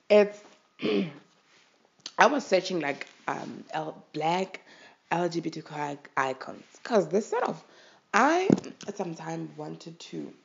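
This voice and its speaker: Gravelly South African podcast host. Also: mid-range voice, dull audio, noisy background. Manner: emotional and impassioned, urging listeners. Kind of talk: casual podcast monologue.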